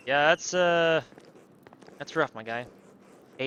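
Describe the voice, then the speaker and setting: A man streaming a story game, thinking out loud and reacting casually with the odd curse. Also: on the high side, slow pace, long pauses, a little hiss or hum. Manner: thinking aloud, swearing, laughing at the game. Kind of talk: let's play commentary.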